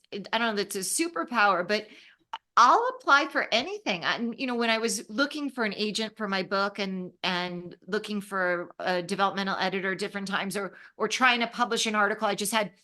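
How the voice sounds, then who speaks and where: A woman in her fifties from Los Angeles, a travel writer telling stories in an interview, animated and acting out the voices she quotes. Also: mid-range voice, fairly quick. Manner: animated, acts out quoted voices, laughs often. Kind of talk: casual storytelling in an interview.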